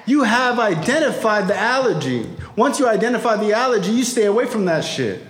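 Brief: a high-voiced man at a convention, raw and profane storyteller, roomy hall. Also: very animated, brisk. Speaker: speaker at a recovery convention. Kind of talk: storytelling talk to a crowd. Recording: echoey hall.

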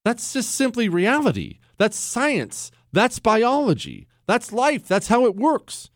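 A man's voice: very high-pitched, huge pitch swings, takes it slowly, dry recording. Male talk host, combative and teasing, voice swinging up and down, dry studio sound. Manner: emphatic, combative, teasing and repetitive. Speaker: radio talk show host. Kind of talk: opinionated monologue.

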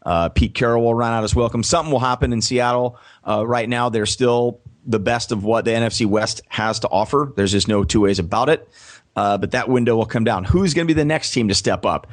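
A man with a mid-range voice, speaking as a guest on a sports radio podcast. He answers at length in a measured, steady way and slows right down when giving his web address. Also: mid-range voice. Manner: measured, spells out his website slowly. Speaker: guest, press box announcer and career coach. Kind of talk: podcast interview.

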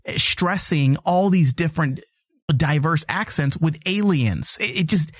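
A man co-hosts a casual podcast with a slightly raised pitch. He argues his points emphatically, often repeating himself for stress. The recording is dry and close, with no room sound. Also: animated, unhurried, no room sound. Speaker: podcast co-host.

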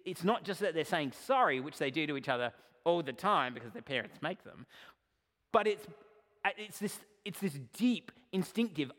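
A male pastor giving a sermon to his church, earnest and direct, swinging from emphatic points to quiet asides. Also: fairly high pitch. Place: church sanctuary. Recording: long hall reverb.

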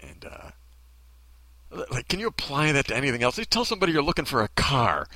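Sarcastic man ranting, forceful lively voice. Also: medium pitch, quick pace, dry recording. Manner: bitter and sarcastic, rhetorical questions. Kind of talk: ranting monologue.

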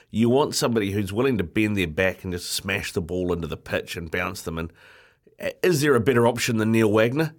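A New Zealand man hosting breakfast radio from a studio, opening the show and ribbing his co-host in a chatty, jokey way. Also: on the low side. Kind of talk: casual radio banter.

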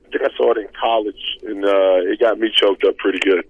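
A man in his thirties, a former football player as guest, telling stories in relaxed chat with many fillers, heard over a phone line. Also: lowish voice, brisk, breathy edge, no echo. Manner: conversational storyteller, many fillers. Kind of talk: casual interview talk.

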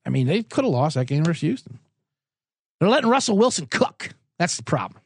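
A man's voice: on the high side, big pitch swings, brisk, no echo, studio quality. A man hosting a sports betting podcast, rambling through sarcastic, profane comedic riffs. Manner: rambling, sarcastic, swears a lot.

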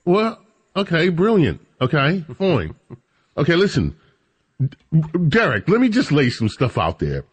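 A man hosting a weekend talk radio show, chatting casually and rambling with drawn-out emphasis into a studio microphone. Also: a little high, wildly swooping pitch, breathy edge.

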